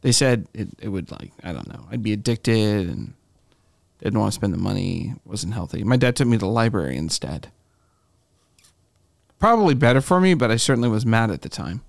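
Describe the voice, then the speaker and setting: A man's voice: fairly low pitch, expressive, brisk, gravelly, no echo. A man hosting a podcast in a studio, chatting casually and playfully, telling stories with little acted quotes. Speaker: podcast host. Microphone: studio microphone.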